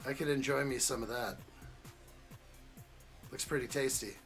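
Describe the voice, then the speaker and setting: A man's voice: mid-range voice, moderate pace, fairly bright tone, soft background music. A man hosting a live building stream, chatting casually and jokingly with viewers as he reacts to the chat. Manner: jokey, chuckling, reacts to chat.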